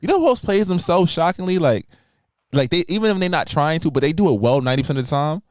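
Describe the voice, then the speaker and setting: A young man hosting a podcast, chatting casually and laughing, his voice leaping up in pitch when he gets excited. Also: fast talker, no echo, studio quality. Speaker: podcast host.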